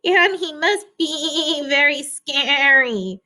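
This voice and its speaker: A woman reading aloud, voicing a timid, frightened sheep with a trembling, drawn-out delivery. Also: high voice, sharp tone, pitched above the performer's own voice, full character voice.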